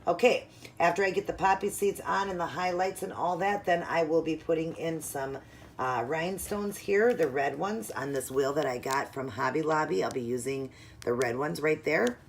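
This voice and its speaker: A woman with a deep voice narrates a casual nail art tutorial from home, walking through it step by step at a moderate pace. Her delivery is chatty and instructive, with slight background noise in the recording.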